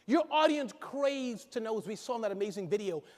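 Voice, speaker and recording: A man giving an energetic conference keynote, joking and bantering with the audience from the stage. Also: high voice, a little fast. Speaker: keynote speaker. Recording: echoey hall reverb.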